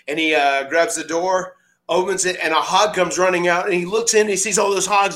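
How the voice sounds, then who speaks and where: A man's voice: high-pitched, fairly quick. A middle-aged man casually telling stories on a podcast, acting out quotes and laughing often. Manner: animated, acts out quotes loudly, laughs often. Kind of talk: casual storytelling.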